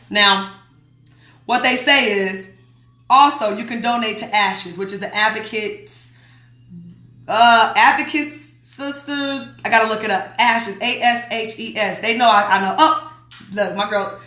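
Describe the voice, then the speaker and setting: Chatty woman, bright echoey voice. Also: mid-range voice, moderate pace. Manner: chatty and emphatic, talks back to her listeners. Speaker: radio show host. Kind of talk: casual talk radio, reading a newsletter aloud. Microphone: streaming mic.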